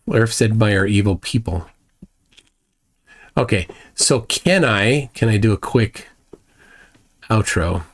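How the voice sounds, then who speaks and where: A man's voice: lowish voice, gravelly, slightly rough. A man from Minnesota with a Minnesotan accent, chatting casually on a live stream in a rambling way and reading chat messages aloud. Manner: rambling, reads chat aloud, many restarts.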